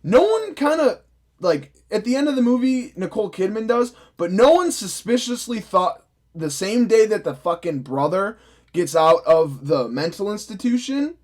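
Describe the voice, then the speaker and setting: Young guy ranting about a movie, high voice, swears a lot, super sarcastic and fed up. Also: very animated, normal speed, a little mellow. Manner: profane, sarcastic, exasperated. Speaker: film reviewer. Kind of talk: ranting vlog review.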